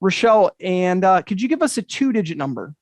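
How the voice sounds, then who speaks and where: A man's voice: sits high, sing-song, a little fast, no room sound. A man hosting an interactive magic show over a video call, talking to the audience with upbeat, enthusiastic patter. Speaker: magician and host.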